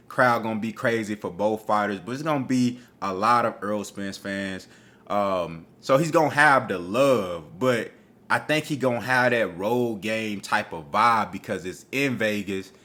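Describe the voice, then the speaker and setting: A man giving his casual opinions on an upcoming boxing fight, talking with street slang and cursing freely. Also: on the low side. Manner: profane, animated, street slang. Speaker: boxing commentator.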